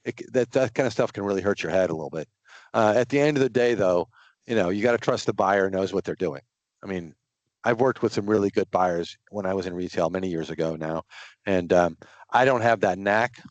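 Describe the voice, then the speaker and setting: A man's voice: low-pitched, dry recording, muffled recording. Easygoing middle-aged man teaching a webinar. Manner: relaxed, talks through worked number examples. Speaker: software trainer. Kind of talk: casual training webinar.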